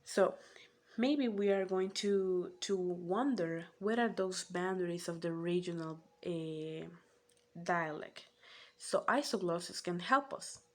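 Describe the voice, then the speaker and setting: Female presenter, lower register, methodical lecture delivery with hesitation fillers. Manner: careful, measured explaining with "eh" fillers. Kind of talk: spoken class presentation.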